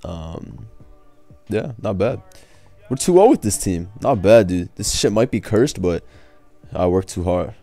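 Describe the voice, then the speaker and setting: Deep, gravelly, young man, laid-back, swearing, trash-talking gameplay commentary. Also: expressive, unhurried, long pauses, dark tone, no room sound. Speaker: gaming streamer. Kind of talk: casual live commentary over gameplay. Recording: faint background music.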